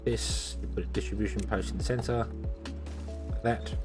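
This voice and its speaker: A man's voice: lowish voice, steady tone, normal speed, over music. A tired man, thinking aloud with lots of fillers while streaming a game. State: tired, yawning. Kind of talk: casual gameplay commentary.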